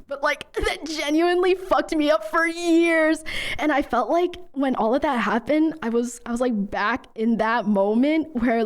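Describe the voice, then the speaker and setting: A young woman streamer with a high voice chats candidly in a halting, casual way, using lots of fillers and occasionally tearing up.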